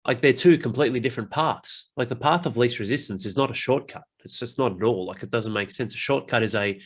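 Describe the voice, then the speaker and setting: A man's voice: mid-range voice, fast, breathy edge. A man hosting a podcast in a loose, casual chat. His talk is blunt and full of swearing. He often slips into mocking impressions of other people's complaints. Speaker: podcast host.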